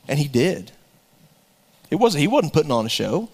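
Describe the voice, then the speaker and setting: A pastor with a high voice for a man preaches a folksy sermon. He talks in an animated way, throws in jokes and often repeats words as he goes. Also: normal speed, husky.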